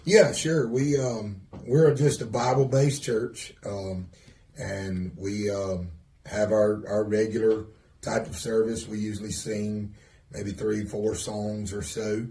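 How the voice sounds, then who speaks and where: Low-voiced Southern man, easygoing. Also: slow pace, slight background noise. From South Mississippi coast. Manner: relaxed, friendly, hesitant, many fillers. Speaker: pastor, guest. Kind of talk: casual interview.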